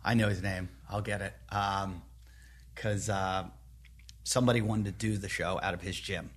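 A man's voice: sits low, fairly even intonation, moderate pace, husky. A man hosting a podcast who talks bluntly, airs strong opinions and swears freely. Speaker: podcast host. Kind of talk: casual podcast chat.

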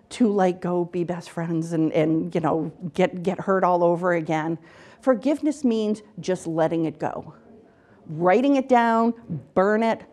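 A woman's voice: lowish voice, a little mellow. A middle-aged woman, an author and counselor, talking earnestly in a casual interview and repeating her words as she gives advice. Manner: earnest, repeats words, acts out quotes in dialogue. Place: local TV studio interview.

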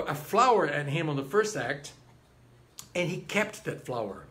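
A man's voice: high voice, unhurried. A man giving an informal lecture on an opera, acting out the characters and humming bits of arias. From Brazil. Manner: animated, acts out characters, hums snatches of arias.

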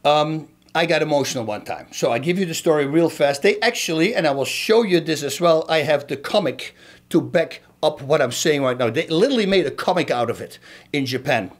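Animated middle-aged man telling a fight story. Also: a little high, brisk. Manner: animated, emphatic, talks straight to viewers. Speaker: former fighter teaching his channel viewers. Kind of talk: casual storytelling and fight breakdown.

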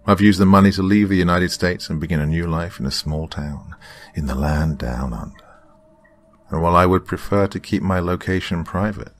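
A man with an extremely deep, low voice reads a horror story aloud. His delivery is slow and dramatic, and he sinks into whispers for effect. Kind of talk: scripted horror narration.

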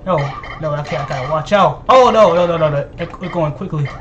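A man hosting his gaming channel, giving excited gameplay commentary full of laughter and teasing trash talk. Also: a little high, fairly quick, highs cut off, noisy background.

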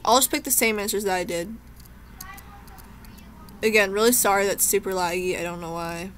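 A young woman streams her gameplay in let's play commentary, talking to herself chattily and emotionally. She is shaken to the point of tears. Her voice is mid-range with a fairly bright tone.

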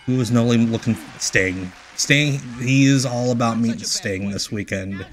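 A man's voice: medium pitch, a little slow, faint music behind. Joking man riffing on old wrestling. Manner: rambling, joking asides, frequent restarts. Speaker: stream host riffing on old wrestling shows. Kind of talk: casual commentary chat.

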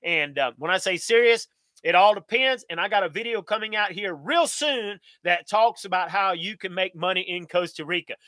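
Guy doing a live q&a, folksy and upbeat, bright high voice. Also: animated, normal speed, no echo. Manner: folksy, upbeat, talks straight to viewers. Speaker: channel host. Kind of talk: live Q&A stream.

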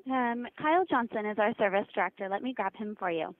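A woman's voice: medium pitch, animated, quick pace. A woman answering a restaurant's phone in a polite customer-service manner. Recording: tinny phone line.

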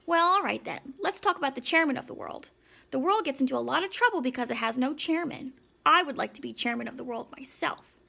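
A woman reading as a tiny dapper mouse gent playing teacher in a storybook, high and gravelly, snapping out orders and brushing questions aside with brisk little dismissals. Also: animated, sharp tone, heavily acted. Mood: lecturing.

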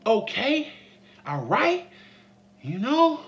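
Man, high lively voice, laughing, mock-shouting, dull lo-fi sound. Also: extremely slow. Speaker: vlogger. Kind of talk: comedic commentary vlog.

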